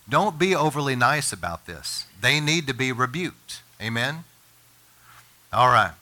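A man preaching a sermon as pastor, earnest and impassioned, his voice climbing higher and louder when he presses a point. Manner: impassioned preaching, rises in pitch and volume when emphatic.

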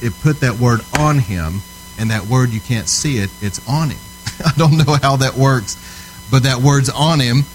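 A man with a mid-range voice preaches to a congregation, teaching on altar ministry in a casual, storytelling sermon. He is earnest and emphatic and often checks in with his listeners. The recording is rough, with a little hiss or hum.

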